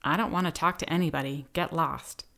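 A woman's voice: sits low, fairly even intonation, brisk, a bit bright. A woman voicing a crude, drunk middle-aged male judge who slurs and barks. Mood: drunk gruff. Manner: slurred, gruff barking.

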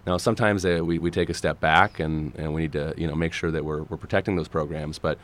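A man in his thirties from Minnesota, speaking as a guest candidate on a radio interview, his voice gravelly and a little hoarse, earnest with many restarts. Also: a bass voice, fairly even intonation, fast, a bit bright. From Minnesota, USA. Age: 30s. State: gravelly, slightly hoarse today. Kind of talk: radio interview, policy talk.

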